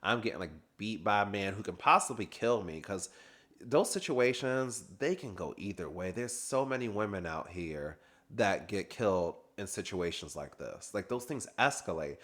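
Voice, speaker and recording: A man's voice: on the low side, animated, normal speed, a bit bright. Chatty, sassy man recapping reality TV. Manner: chatty and sassy, often laughing. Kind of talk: casual recap commentary.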